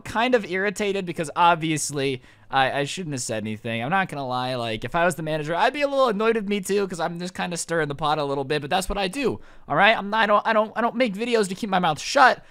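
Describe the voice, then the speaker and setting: Young guy rambling through a storytime, sarcastic, lots of "like", high-ish voice. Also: animated, fast talker, hardly any pauses, fairly bright tone, clear, resonant tone, no echo, studio quality. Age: young adult. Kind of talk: casual storytime monologue.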